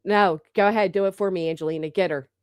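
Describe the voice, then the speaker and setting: A woman's voice: lowish voice, steady tone, fast, darkish tone, smooth, dry recording, highs cut off. A woman in her thirties hosting a livestream, bantering casually with her chat in a brash, teasing way and swearing freely. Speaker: livestream host.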